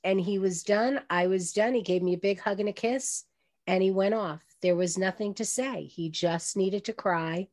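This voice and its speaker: A woman's voice: medium pitch, normal speed, darkish tone. Older woman radio host telling stories. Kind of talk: online radio interview.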